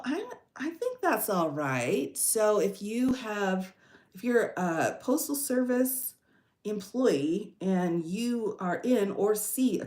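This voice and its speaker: A woman hosts a casual livestream, reading bills aloud and reacting with chatty asides. Her pitch swings up and down a lot as she talks. The room around her gives a roomy echo, and her voice sits at a medium pitch. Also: a little mellow. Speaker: legal commentary host.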